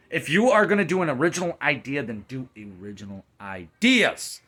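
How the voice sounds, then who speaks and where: A man ranting through a movie review, heated and profane, with a slightly high, forceful, tense voice. He swings between loud outbursts and muttered asides. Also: very animated, moderate pace, hardly any pauses. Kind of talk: angry film review rant.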